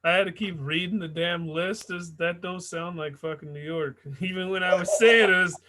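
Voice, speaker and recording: A man's voice: sits high, steady tone, moderate pace, heavy background noise. A man hosting a comedy show, introducing acts in a loose, profane way and laughing between lines. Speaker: emcee host.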